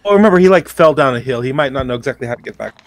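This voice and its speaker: A man co-hosting a podcast in casual chat, talking in a relaxed, hesitant way with many fillers. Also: mid-range voice, racing. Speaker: podcast co-host.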